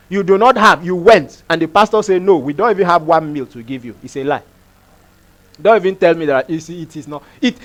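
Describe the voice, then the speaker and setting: A man preaches a sermon. He talks emphatically, repeats his phrases and keeps putting rhetorical questions to the congregation. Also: high-pitched. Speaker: pastor.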